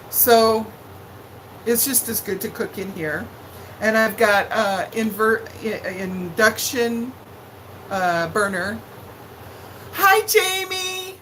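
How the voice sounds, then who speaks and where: A woman's voice: medium pitch, fairly bright tone, slight background noise, low-quality recording. A middle-aged woman hosting a casual home livestream from her living room, chatting and greeting viewers by name with sing-song hellos. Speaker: livestream cooking host. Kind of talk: casual live-stream chat.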